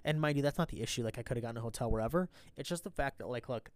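A man's voice: mid-range voice, very fast, no echo. A man talking through a motivational monologue in a casual vlog, earnest and rambling, often tagging his points with a question. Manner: earnest, rambling, keeps asking "right?". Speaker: vlogger sharing a mindset talk. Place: stranded at an airport after a cancelled flight.

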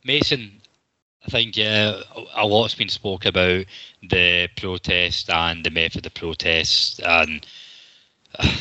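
A man hosts a football podcast with a low, very bright, forward voice. He chats and jokes casually and swears now and then. The sound is dry and slightly dull, like a lo-fi call. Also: fairly even intonation, takes it slowly, no room sound. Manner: chatty, jokey, swears freely. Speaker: podcast host.

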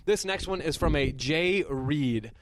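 A man's voice: a little high, expressive, measured pace, a little hiss or hum. A young man co-hosting a casual comedy podcast, playful and rambling, fond of mock-grand phrasing. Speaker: podcast co-host.

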